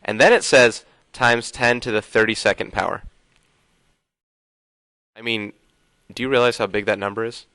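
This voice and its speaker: A man's voice: lowish voice, steady tone, normal speed, pauses often, sharp tone, smooth, no echo, low-quality recording. A man teaching a casual video math lesson, thinking aloud and sometimes trailing off into mutters.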